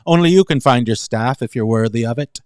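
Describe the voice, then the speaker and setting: A man's voice: medium pitch, brisk, a crowd in the background, voice pushed down, close to an everyday voice. A man doing a preachy, plodding forest sage.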